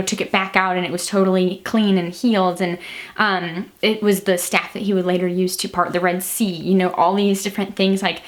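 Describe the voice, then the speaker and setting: A young woman with a Midwestern American accent, a teacher sharing Bible reflections in a chatty, rambling vlog talk. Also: fairly low pitch. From Illinois. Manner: chatty, rambling, many "like" fillers. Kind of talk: casual devotional vlog talk.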